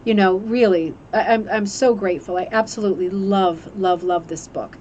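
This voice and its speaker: A chatty woman hosts a craft club stream at an ordinary mid pitch, gushing and restarting her sentences as she talks into a webcam. A faint hum of room ambience sits under her voice. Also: normal speed, darkish tone, lo-fi sound. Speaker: host of a rug hooking club livestream. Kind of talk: casual chat, reviewing a book.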